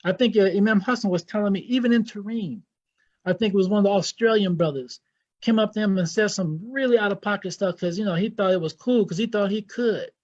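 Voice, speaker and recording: With a high, darkish voice and a brisk delivery, a U.S.-born Islamic scholar with an American accent gives a fervent, blunt interview, repeating himself to drive points home. The sound is lo-fi.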